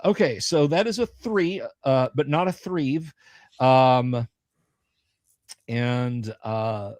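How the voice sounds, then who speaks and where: Guy dm-ing a tabletop game live, slow and halting, dry close sound. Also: on the high side, darkish tone, no room sound. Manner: halting, many fillers, joking asides. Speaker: game master. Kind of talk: narrating a tabletop game livestream.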